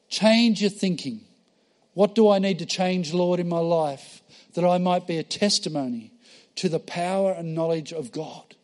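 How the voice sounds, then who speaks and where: A man preaching a conversational sermon in a church, telling stories and acting out voices, swinging between loud and soft. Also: high-pitched.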